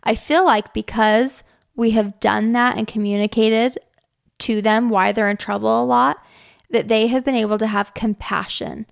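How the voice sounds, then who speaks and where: A woman's voice: fairly high pitch, steady tone, normal speed, gravelly. A young woman co-hosting a parenting podcast, chatting in a rambling way with lots of "like"s and restarts. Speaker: podcast co-host. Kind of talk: casual chat about parenting.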